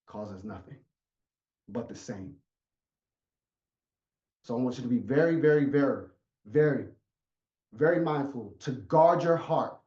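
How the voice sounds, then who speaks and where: A man's voice: medium pitch, darkish tone. A man coaching an online audience with an emphatic, repetitive storytelling delivery, heard over a video call. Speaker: life coach. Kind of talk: motivational talk. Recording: echoey, muffled sound.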